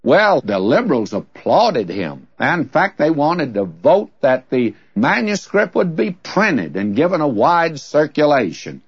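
Folksy male preacher, lively dry lo-fi voice. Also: a little high, measured pace, few pauses, breathy edge, dry recording. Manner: folksy storytelling with rhetorical questions. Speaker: Bible teacher. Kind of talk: conversational radio sermon. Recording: dull, dry lo-fi recording.

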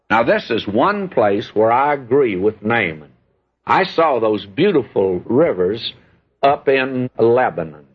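A husky male preacher delivers a sermon in a folksy storytelling way. His pitch climbs and drops as he leans into a point, then settles back into easy talk. The recording sounds dull and lo-fi. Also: very animated, slow.

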